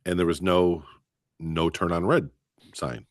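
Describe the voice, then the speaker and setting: A man's voice: deep voice, unhurried, dry recording, studio quality. A man co-hosting a podcast, chatting casually and telling stories with animation. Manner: storytelling, animated. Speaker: podcast co-host. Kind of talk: casual chat.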